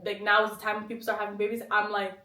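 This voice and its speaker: A woman's voice: mid-range voice, completely flat delivery, racing, sharp tone, slight background noise. A young woman co-hosting a casual podcast, talking bluntly, swearing and acting out the people she quotes. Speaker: podcast co-host. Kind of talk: casual chat. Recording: echoey room, mic at a distance.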